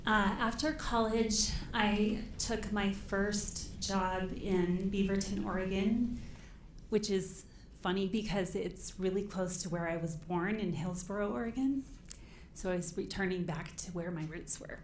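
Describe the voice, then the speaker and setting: A woman's voice: medium pitch, fairly even intonation, unhurried, a little hiss or hum. A middle-aged woman from Idaho giving nervous, careful testimony as a witness at a microphone in a courtroom. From Idaho, USA. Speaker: trial witness. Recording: echoey courtroom audio.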